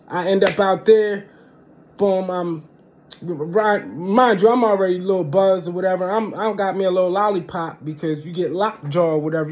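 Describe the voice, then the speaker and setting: In a relaxed storytime monologue, a young guy talks with lively energy and loads of slang, marking moments with "boom" and "bang".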